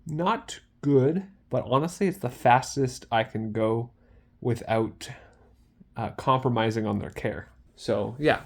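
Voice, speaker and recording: A man's voice: medium pitch, a little mellow. A young man, a student care worker, chatting casually in a vlog diary, rambling and acting out sounds.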